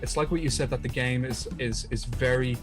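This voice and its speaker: A man's voice: mid-range voice, steady tone, fairly quick, music in the background. A man co-hosting a podcast, earnestly retelling a story in casual chat, often restarting his sentences. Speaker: podcast co-host.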